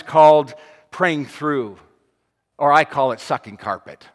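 A male pastor delivers an impassioned sermon in a high, ringing voice. He builds to loud cries, then drops to a hushed near-murmur. The sound carries a long reverb from a large church sanctuary. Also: lively intonation, normal speed. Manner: impassioned, swings from shouting to hushed.

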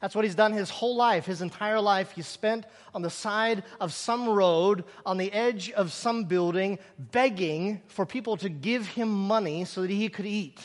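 A man preaching a sermon in an animated way, acting out the scenes he tells and dropping sarcastic asides. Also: high voice, moderate pace, few pauses, long reverb tail. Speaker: pastor.

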